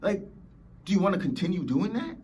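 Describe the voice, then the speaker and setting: A man's voice: high-pitched, sing-song, brisk, a little mellow, slightly rough. A man hosting a motivational podcast, preaching emphatically and acting out whiny complainers. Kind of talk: motivational talk.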